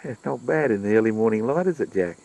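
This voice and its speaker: A man's voice: fairly low pitch, animated, fast, vocal fry, poor audio. A man, narrating a casual travel vlog outdoors on the coast and chatting to his dog. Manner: chatty, talks to his dog, repeats himself. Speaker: travel vlogger. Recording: loud wind noise outdoors.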